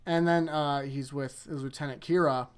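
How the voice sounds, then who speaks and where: A man's voice: on the high side, steady tone, moderate pace, clear, resonant tone. A man hosting his own anime rewatch, recapping episodes in a loose, rambling way that trips over itself and keeps correcting itself. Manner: rambling, self-correcting, chuckles often.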